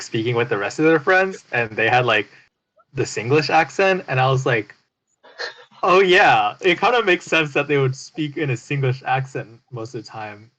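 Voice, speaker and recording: A man's voice: mid-range voice, rough recording. Easygoing man telling a travel story. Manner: relaxed storytelling, laughs at himself. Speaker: podcast co-host. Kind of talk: casual chat.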